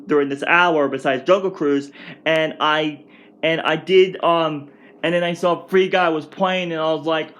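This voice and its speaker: A man in his twenties telling a rambling, excitable storytime rant at home for his vlog, restarting his sentences often. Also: on the high side. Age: 20s. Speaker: vlogger.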